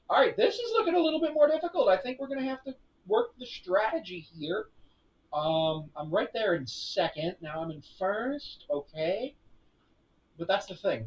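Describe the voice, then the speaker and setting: Lively, chatty game streamer. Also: medium pitch, distant mic, muffled recording. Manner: chatty, narrates each move, silly asides. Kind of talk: casual live-stream commentary on own gameplay.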